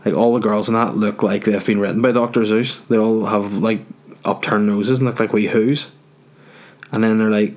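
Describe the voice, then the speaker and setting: A stand-up comedian in his thirties chats casually while answering viewer questions, his voice on the low side, fairly quick, and fairly even in intonation. He swears freely and rants with self-mocking humor.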